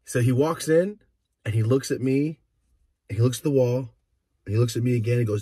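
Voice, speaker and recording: Young male vlogger, raspy voice, lively swings in pitch, close dry sound inside a car. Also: brisk, no room sound. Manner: animated, profane storyteller. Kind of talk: casual storytelling chat.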